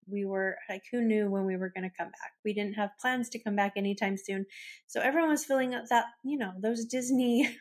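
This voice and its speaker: Podcast host, woman in her thirties, chatty storyteller who gets teary and laughs it off. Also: mid-range voice. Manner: emotional, tearful and laughing while telling stories. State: choked up, near tears. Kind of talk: casual storytelling.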